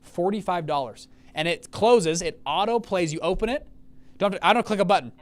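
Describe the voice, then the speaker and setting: This is a young man talking to his viewers over a video call, his voice sitting a bit higher than most men's. He tells stories in an animated, casual way, restarting sentences and checking in with questions. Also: a little fast. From Utah. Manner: animated, storytelling with many restarts and check-ins. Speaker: fund manager and webinar host. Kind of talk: casual live webinar talk.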